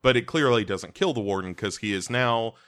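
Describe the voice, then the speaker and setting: A man's voice: medium pitch, brisk, fairly bright tone, smooth. A man co-hosting a podcast in casual chat, recapping scenes with many fillers and dry humor. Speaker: podcast co-host.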